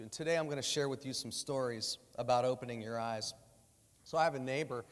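A man preaching a sermon in a church, telling stories and acting out the dialogue in different voices. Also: on the high side. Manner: animated, acts out dialogue in voices. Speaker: guest preacher. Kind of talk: sermon with storytelling. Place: church sanctuary. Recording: long hall reverb in a church.

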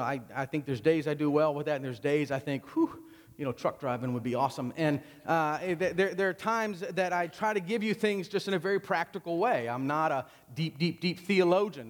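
A man's voice: on the high side, in a large hall. A man preaching a sermon to his congregation in a conversational, joking way. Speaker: pastor. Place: church sanctuary.

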